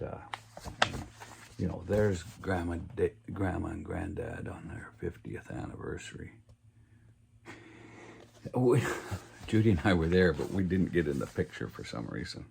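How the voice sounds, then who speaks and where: Older man, folksy rambling storyteller, low register with a gravelly edge. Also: sing-song, unhurried, pauses often, a little hiss or hum. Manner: rambling and folksy, full of "uh" and "you know". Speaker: family storyteller. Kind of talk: casual personal storytelling.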